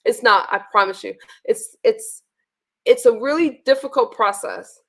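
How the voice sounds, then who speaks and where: A woman's voice: on the high side, unhurried, a bit bright. A woman hosting a casual livestream, venting bluntly with profanity and frequent restarts. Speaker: livestream host.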